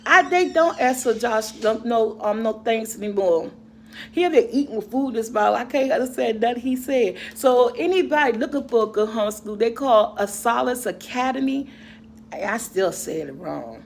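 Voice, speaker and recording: Middle-aged woman vlogger, chatty and rambling, slightly high voice, faint hum behind. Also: moderate pace. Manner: chatty, rambling, laughs often, answers viewer comments. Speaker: vlogger and mother. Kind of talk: casual chat with viewers.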